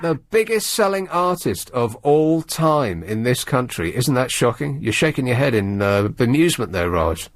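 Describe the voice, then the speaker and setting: A male radio presenter in a studio, talking in a sardonic, rambling way with animated emphasis. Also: medium pitch, moderate pace, few pauses, a little hiss or hum. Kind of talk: late-night radio talk. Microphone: studio microphone.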